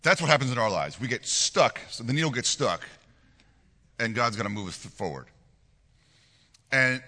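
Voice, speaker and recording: Animated bright-voiced man preaching in a hall. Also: medium pitch. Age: 40s. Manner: earnest, animated, restarts and repeats words. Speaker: pastor. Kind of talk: sermon with personal storytelling.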